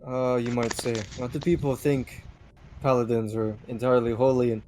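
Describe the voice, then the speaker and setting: A man plays a stern female Viking paladin in a tabletop game, speaking in a plain, mid-pitched voice. Her manner stays blunt and matter-of-fact, with little flourish. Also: level tone, fairly quick, a little mellow, a little hiss or hum, close to an everyday voice.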